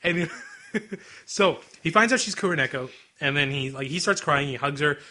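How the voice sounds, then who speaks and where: A young man co-hosting a casual podcast, talking quickly, laughing often and acting out bits of dialogue. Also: a little high, expressive, bright, forceful tone. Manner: rapid, laughing, acts out anime dialogue in quick asides. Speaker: podcast co-host. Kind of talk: casual chat.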